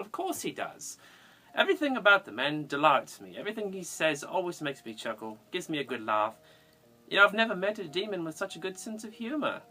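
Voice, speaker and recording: A cosplayer voicing an eccentric old-fashioned English undertaker, fond and chuckling. The voice swoops up and down in a lively, sing-song way, with light music faintly behind it. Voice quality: theatrical, sing-song delivery with big pitch swings. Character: eccentric giggling retired male undertaker, English. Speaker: fan cosplay answering viewer questions. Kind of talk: in-character fan parody video.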